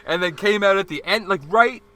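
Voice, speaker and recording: A man's voice: high voice, a little fast. A man co-hosting a podcast in casual chat, telling a story with heavy swearing and rowdy energy. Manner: profane, rowdy, animated storyteller. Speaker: podcast co-host.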